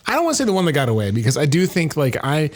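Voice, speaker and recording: Crude, teasing man, slightly high voice. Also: wildly swooping pitch, very fast. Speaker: podcast co-host. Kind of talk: casual chat.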